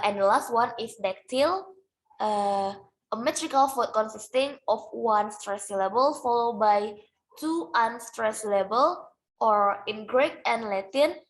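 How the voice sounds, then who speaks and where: A woman's voice: a little high, rough recording. A young woman, a student whose first language is Indonesian, giving a class presentation with many hesitant fillers. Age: young adult.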